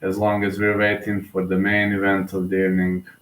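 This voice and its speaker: A man's voice: deep voice, completely flat delivery, brisk, a bit bright, echoey room, rough recording. A young man, giving casual solo live commentary on a fight, emotional and rambling, full of fillers and restarts, sleepy.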